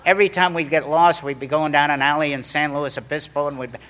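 Bright-voiced man telling a story. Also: a little high, quick pace. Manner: animated storyteller, acts out quoted voices. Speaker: speaker sharing his recovery story. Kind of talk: storytelling talk to a meeting.

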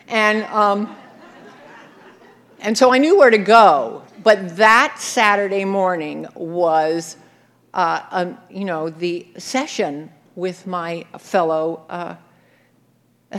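A woman's voice: on the low side, slow pace. A woman telling a personal recovery story in a wry, self-mocking way, often breaking into laughter. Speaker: speaker sharing her recovery story.

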